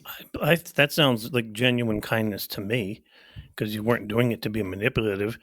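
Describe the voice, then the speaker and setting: A man's voice: fairly low pitch, fairly even intonation, moderate pace, a bit bright, dry recording, studio quality. A middle-aged man co-hosting a podcast, chatting casually. He is reflective and self-deprecating, and he laughs easily. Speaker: podcast co-host.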